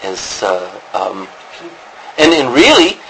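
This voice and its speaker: A man's voice: lowish voice, very animated, slow pace, gravelly, fairly bright tone, slight background noise, poor audio. A man teaching a class on biblical Greek, rambling with many ums and restarts. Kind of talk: classroom lecture.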